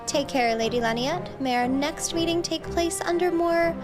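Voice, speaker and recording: Woman doing a boastful young noble knight, pompous and formal, high voice, game music underneath. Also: moderate pace, close to an everyday voice. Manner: pompous, formal old-fashioned phrasing. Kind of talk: reading game dialogue aloud.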